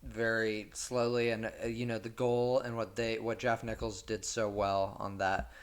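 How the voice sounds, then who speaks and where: A man's voice: fairly low pitch, level tone, a little slow. A man talking about filmmaking as a guest in casual chat, rambling and filling gaps with "like". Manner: rambling, heavy use of 'like'. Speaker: film director guest.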